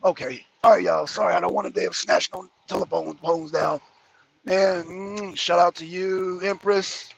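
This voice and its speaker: High-voiced husky man chatting from his truck. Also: normal speed, no room sound. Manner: rambling, joking, answers chat comments between driving remarks. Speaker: truck driver livestreaming to viewers. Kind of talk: casual livestream chat while driving. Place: cab of a heavy truck on the road.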